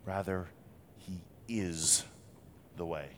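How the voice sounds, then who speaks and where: A man preaching a sermon as pastor, lively and expressive, acting out quoted voices. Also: slow pace, in a large hall, a little hiss or hum. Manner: animated, acts out quotes with big swings in pitch.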